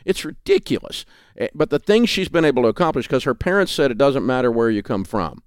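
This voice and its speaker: A man's voice: mid-range voice, big pitch swings, fast talker, clean tone, no room sound, clean studio sound. A man in his sixties with a Southern US accent from Tennessee, speaking as a radio host and author in a remote interview, folksy and emphatic with frequent restarts. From Southern United States.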